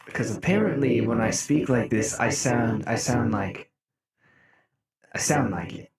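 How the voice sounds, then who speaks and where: A young man streaming live, chatting casually with his viewers, laughing often and breaking into mock-outraged shouts. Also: mid-range voice, a little slow. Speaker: music streamer. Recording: roomy echo.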